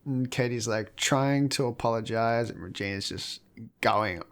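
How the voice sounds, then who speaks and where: A man co-hosting a casual film review podcast, retelling scenes with lively energy and frequent swearing. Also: medium pitch, a little slow, smooth. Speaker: podcast co-host.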